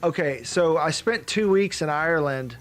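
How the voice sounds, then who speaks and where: A man's voice: on the high side, normal speed, a bit bright. A man with a Southern American accent co-hosting a casual podcast chat, rambling with many fillers and restarts. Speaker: podcast co-host.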